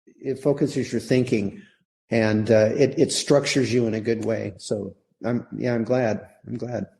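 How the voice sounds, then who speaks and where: An older man talks with a warm, mellow tone. He reflects calmly and measuredly on his years of playing and teaching, never rushing a thought. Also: medium pitch, vocal fry. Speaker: guest, retired orchestral trombonist. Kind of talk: reflective podcast conversation.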